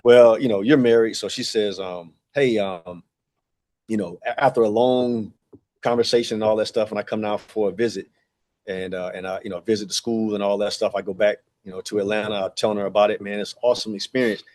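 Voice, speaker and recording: A man's voice: lowish voice, fairly even intonation, a little fast, a little mellow. A man in his forties, a podcast guest, telling a long personal story in a casual, rambling way with many fillers and acted-out dialogue. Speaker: podcast guest, track and field director.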